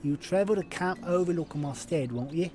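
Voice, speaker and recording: A man voicing a scheming woman lieutenant in a video game, in a put-on rough sailor accent that drifts. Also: on the high side, fairly quick, music in the background, close to an everyday voice. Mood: conspiratorial. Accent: put-on rough sailor accent, shifting.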